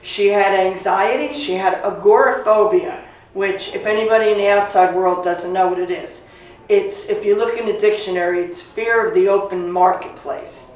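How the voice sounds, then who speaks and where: A woman in her sixties casually telling a family story, animated and acting out the voices of the people she quotes. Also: medium pitch, normal speed. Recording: echoey room, distant mic, faint noise.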